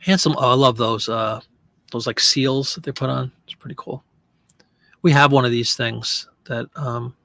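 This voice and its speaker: Gravelly man chatting while listing. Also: mid-range voice, fairly bright tone, no echo, studio quality. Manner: joking, fumbles over French pronunciation. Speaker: online reseller listing print ads. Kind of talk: casual narrated listing session.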